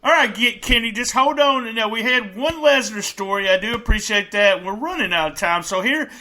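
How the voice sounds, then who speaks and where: A man's voice: high voice, moderate pace, pushed and bright. A man hosting a podcast, giving short acknowledgments and steering the conversation. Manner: brief interjections, steering the conversation. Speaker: podcast host. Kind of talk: casual chat.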